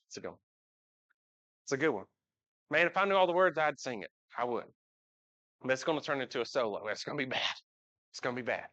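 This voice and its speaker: A man's voice: medium pitch, animated, fast talker, pauses often, pushed and bright. A man preaching a casual live sermon in church, chatting with the congregation and asking it questions. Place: church sanctuary. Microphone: live church recording. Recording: dull lo-fi live church recording.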